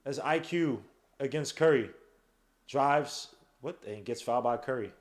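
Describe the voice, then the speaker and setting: A man hosting a podcast, giving excited, slangy fan play-by-play of a game and teasing his co-hosts. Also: medium pitch, measured pace. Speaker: podcast host.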